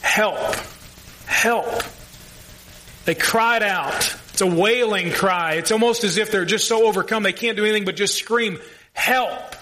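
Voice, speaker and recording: High, bright-voiced male pastor preaching. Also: fairly quick, hardly any pauses. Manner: earnest, asks the congregation questions. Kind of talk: sermon.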